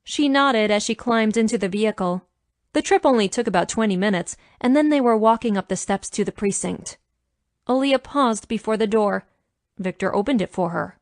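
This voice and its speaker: A woman narrates a romance audiobook in a measured storytelling manner, at a middle pitch. The recording is dry and close, with no room sound. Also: dry recording.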